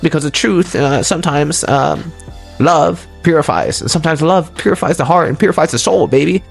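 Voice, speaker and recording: A man of middle pitch delivers a motivational dating lecture. He is emphatic and repeats himself, pressing the listener with rhetorical questions. Faint music plays behind him. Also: fairly quick, creaky, breathy edge. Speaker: dating and self-help lecturer. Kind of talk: motivational monologue.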